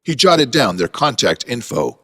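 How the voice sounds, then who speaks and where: A man's voice: medium pitch, very animated, normal speed, fairly bright tone. A man narrating a mystery audio story in a dramatic, wry way. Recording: long hall reverb.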